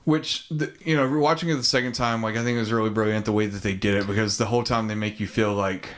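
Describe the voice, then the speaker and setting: A man's voice: fairly low pitch, fairly even intonation, fast talker. A man, co-hosting a podcast and casually retelling a movie plot, with plenty of ums, likes and swearing. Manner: laid-back, profane, many ums and likes. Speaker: podcast co-host. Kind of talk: casual chat retelling a film.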